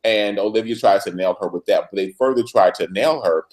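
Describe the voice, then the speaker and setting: A man co-hosting a TV recap chat, telling the plot in a lively way and acting out the characters' lines. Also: lowish voice, brisk. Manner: lively storyteller who puts on voices for characters. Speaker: recap show co-host. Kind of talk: animated casual chat, acting out scenes.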